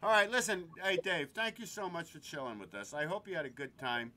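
Male podcast host, animated and loose, slightly high, faint background hum. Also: a little fast. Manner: loose, swearing, animated joke-telling, swings from loud to murmured. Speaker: show host. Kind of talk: casual podcast chat with jokes.

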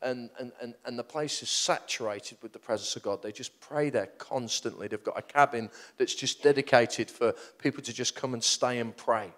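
A middle-aged man, preaching in a storytelling sermon, animated and self-deprecating, rambling with restarts. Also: mid-range voice, normal speed, hardly any pauses.

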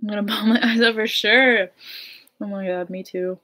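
At home, a young adult woman musician chats casually on a livestream, giddy, gushing, and laughing often. Her medium-pitched voice is bright and forceful, with fairly even intonation and a moderate pace.

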